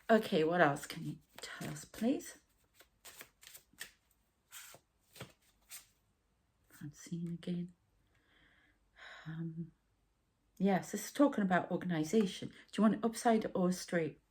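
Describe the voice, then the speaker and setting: A middle-aged woman giving a rambling channelled tarot reading, talking to the viewer and aside to spirits. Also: fairly low pitch. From northern England. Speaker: tarot reader and medium.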